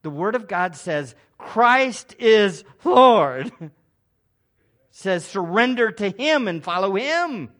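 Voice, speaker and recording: A pastor preaching a sermon with emphasis, swinging between hushed asides and loud proclamations and calling for responses from the congregation. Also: male voice, high voice, lively intonation, slow, long pauses.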